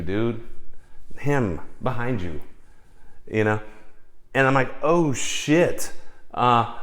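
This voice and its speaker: A man's voice: medium pitch, fairly bright tone, reverberant. A man casually telling rambling, profane stories, acting out the voices of the people in them. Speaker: storyteller. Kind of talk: casual storytelling.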